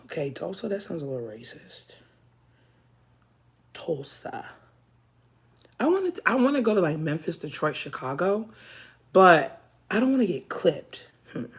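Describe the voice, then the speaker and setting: A woman's voice: on the low side, sing-song, normal speed. An American woman hosting a casual live stream, chatting frankly and joking as she reads viewers' comments aloud. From United States. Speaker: livestream host.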